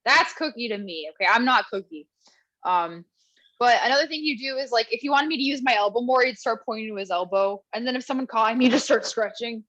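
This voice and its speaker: A woman's voice: on the high side, brisk, fairly bright tone, dry recording, poor audio. A young woman from Canada doing a chatty stand-up set over a video call, with ironic asides. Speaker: stand-up comedian.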